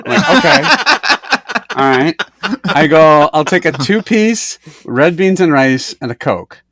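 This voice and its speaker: A man's voice: a little high, big pitch swings, measured pace, a bit bright, dry recording, clean studio sound. A man co-hosting a podcast, telling a story in casual chat, acting out both sides and swearing freely. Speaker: podcast co-host.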